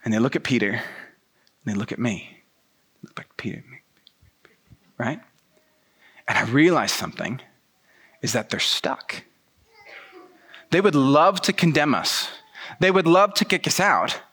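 A man telling a sermon story in the first person, animated and using casual slang. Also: medium pitch, a little slow, long pauses, slightly rough. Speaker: pastor.

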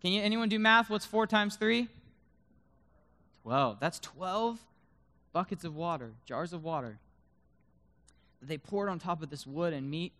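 Man preaching with sudden loud-to-hushed swings. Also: lively intonation, unhurried, pauses often. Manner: swings from loud emphatic bursts to hushed low tones; reads scripture aloud with dramatic emphasis. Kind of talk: sermon. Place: room with a live audience.

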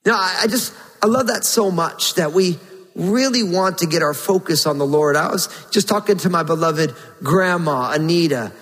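A man preaches an earnest, emphatic sermon, his voice sitting notably high for a man. He reads scripture with weight. The sound carries a long reverb, like a large hall. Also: moderate pace, a bit bright. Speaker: pastor.

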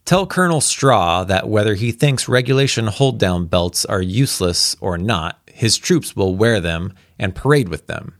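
A man's voice: lowish voice, animated, moderate pace, few pauses, no room sound, clean studio sound, natural voice. A man voicing an impatient army general who barks abrupt orders. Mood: barking.

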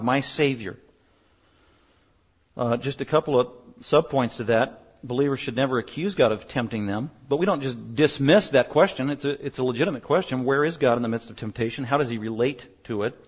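A man's voice: medium pitch, brisk, breathy edge. Emphatic preacher man, lo-fi sound. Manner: emphatic, rising to loud bursts on key points. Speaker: pastor. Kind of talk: sermon. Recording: dull lo-fi sound.

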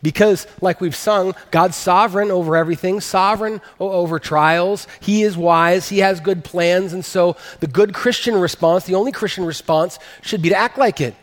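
A man's voice: moderate pace, hardly any pauses. Earnest male pastor preaching in a hall. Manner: earnest, emphatic, rises in pitch to stress points. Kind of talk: sermon.

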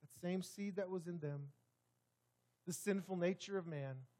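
A man preaching a sermon in a church sanctuary, swinging dramatically between loud, forceful passages and hushed ones. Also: high-pitched, measured pace. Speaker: pastor.

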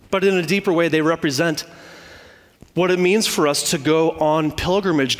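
Man preaching in a reverberant hall. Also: on the high side. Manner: measured, repeats key phrases for emphasis. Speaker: pastor. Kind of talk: sermon.

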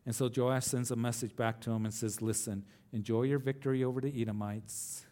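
Male pastor, mid-pitched, conversational storyteller who raises his voice when quoting characters. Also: steady tone, brisk, few pauses, warm tone. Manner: storytelling, acts out quoted lines with rising emphasis; conversational asides and restarts. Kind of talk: verse-by-verse Bible teaching.

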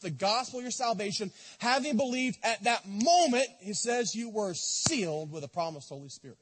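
A man preaching a sermon in a church, impassioned, swinging from loud to soft. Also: high-pitched, very animated, moderate pace, hardly any pauses, breathy edge. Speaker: pastor. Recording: long reverb of a church hall.

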